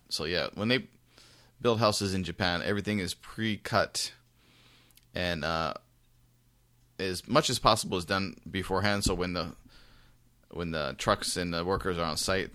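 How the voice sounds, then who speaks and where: Male podcast host, very low voice, relaxed rambling delivery. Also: normal speed, no echo. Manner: easygoing, rambling with fillers and chuckles. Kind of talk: casual podcast talk.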